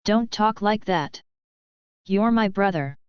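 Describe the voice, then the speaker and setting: A woman voicing an excited, hopeful nine-year-old boy in a storybook reading, breathless with eagerness. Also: medium pitch, slow, smooth, no echo. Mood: eager. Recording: dull lo-fi dry.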